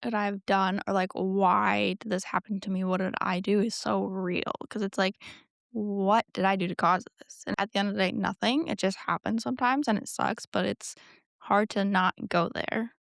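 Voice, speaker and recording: A woman's voice: mid-range voice, steady tone, normal speed, gravelly, no echo, studio quality. A woman hosting a casual podcast chat, asking empathetic, reflective questions. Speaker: podcast host.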